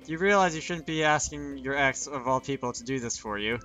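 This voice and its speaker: A man's voice: mid-range voice, fairly quick, pushed and bright, faint music behind, lightly acted. A man voicing a stern, aloof young woman with a dry, scolding delivery in a visual novel reading.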